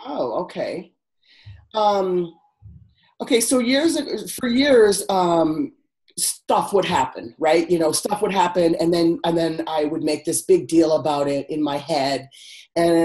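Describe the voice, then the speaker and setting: A woman caller telling stories on a coaching call, animated and casually swearing, with many restarts. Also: medium pitch, unhurried, rough recording.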